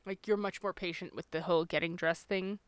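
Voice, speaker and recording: Female co-host, lower register, candid and self-mocking, dry studio sound. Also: steady tone, a little fast, clear, resonant tone, dry recording. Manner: frank, self-deprecating, laughs often. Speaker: podcast co-host. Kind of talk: casual parenting chat.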